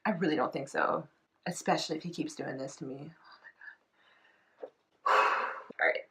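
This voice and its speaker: A young woman chatting casually about a music video, gushing with lots of fillers, giggling and breaking into high excited squeals. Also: moderate pace, slight background noise. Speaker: K-pop reaction vlogger. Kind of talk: excited reaction commentary.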